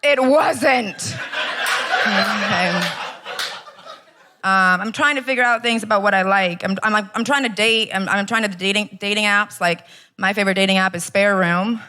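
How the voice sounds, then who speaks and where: A woman's voice: mid-range voice, steady tone, normal speed, pushed and bright, a little hiss or hum. A woman performing a brash, punchy stand-up set in a comedy club. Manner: brash, punchy delivery with lots of "okay?". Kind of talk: stand-up routine. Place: comedy club stage, live audience.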